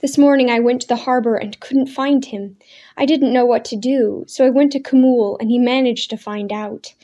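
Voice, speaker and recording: A woman's voice: fairly high pitch, fairly even intonation, normal speed, mellow, lo-fi sound, lightly acted. A woman voicing a frightened young woman who pleads in a breathless, urgent voice. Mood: frantic.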